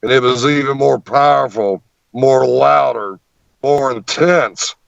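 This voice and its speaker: A man, a guest on an interview show, telling a long story in an animated way and often repeating words as he goes. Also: medium pitch, takes it slowly, gravelly, dry recording, lo-fi sound.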